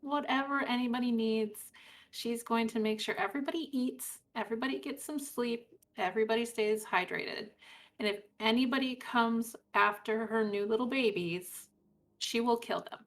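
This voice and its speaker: A woman's voice: a little high, normal speed. A woman introducing her character in casual chat, gushing and affectionate. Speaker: player.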